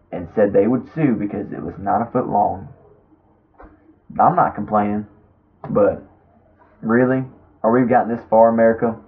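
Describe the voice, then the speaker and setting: A young man rambling casually through stories, with lots of fillers and restarts. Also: fairly low pitch. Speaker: vlogger. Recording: tinny lo-fi phone-like sound.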